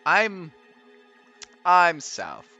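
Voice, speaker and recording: A man's voice: high-pitched, huge pitch swings, extremely slow, creaky, pushed and bright, highs cut off, faint music behind. A young man with a Midwestern American accent chatting casually with viewers while streaming a game, laughing often and trailing off as he reads.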